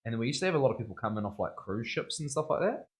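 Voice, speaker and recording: A man's voice: mid-range voice, sing-song, rapid-fire. A young man chatting casually in a tattoo studio while he works, laughing often and using plenty of slang. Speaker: tattoo artist streaming. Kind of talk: casual live-stream chat.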